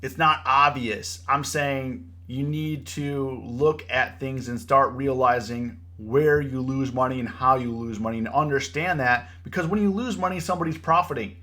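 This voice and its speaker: Animated young man hosting a trading stream. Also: mid-range voice, normal speed, few pauses. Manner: animated, preachy, repeats himself, says "bro" and "you know". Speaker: livestream trading host. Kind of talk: casual livestream commentary.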